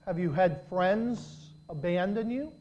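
A man preaching a sermon, telling a story with dramatic swings from loud to hushed. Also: sits high, slow, highs cut off.

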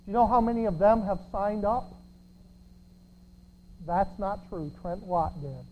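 A pastor preaching a sermon, sarcastic, swinging from shouts to quiet asides. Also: mid-range voice, a little slow, muffled recording, a little hiss or hum. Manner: sarcastic, swinging between shouts and near-whispers.

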